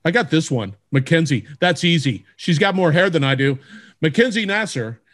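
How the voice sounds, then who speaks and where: Lively, high-pitched joking male host. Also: normal speed. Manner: playful, jokey, animated. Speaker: podcast host. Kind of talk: upbeat podcast interview.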